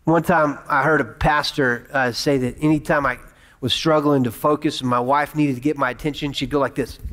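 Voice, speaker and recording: A man's voice: fairly high pitch, fairly bright tone. A male pastor preaching a sermon, leading the crowd in call-and-response and repeating key lines. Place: church auditorium. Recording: long hall reverb.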